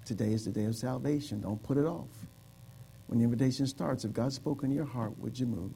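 A man's voice: mid-range voice, brisk, creaky, warm tone, breathy edge. A man preaching a sermon in a church, pleading with the congregation in a repetitive preaching cadence and leading an altar call. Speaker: pastor. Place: church sanctuary.

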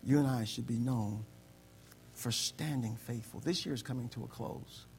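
A pastor preaching a sermon, repeating phrases and building from quiet storytelling to loud exhortation. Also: male voice, mid-range voice, normal speed, slight background noise.

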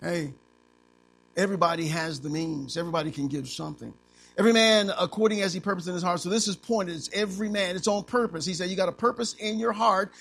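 A man preaching a sermon as pastor, animated, asking the congregation to finish his lines and acting out little scenes. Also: sits high, fast, vocal fry. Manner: animated preaching with call-and-response questions; acts out little scenes in other voices.

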